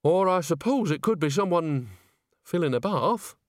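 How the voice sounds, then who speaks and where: A man's voice: on the high side, sing-song, moderate pace, fairly bright tone, no echo, studio quality, voice pushed up. A man voicing a stern, suspicious old woman witch in a storybook reading, speaking in a clipped, commanding way.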